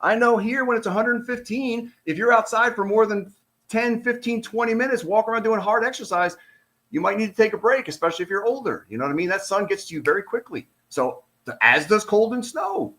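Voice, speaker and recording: A man's voice: sits high, expressive, fairly quick, a bit bright. A middle-aged man, a retired police officer, gives casual commentary on a released document. He talks in an exasperated, sarcastic, rambling way.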